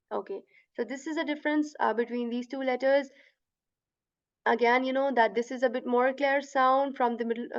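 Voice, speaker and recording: A woman teaching letter pronunciation step by step, patiently repeating each sound slowly and checking in with "right?". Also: on the high side, no echo, dull audio. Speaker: Quran recitation teacher.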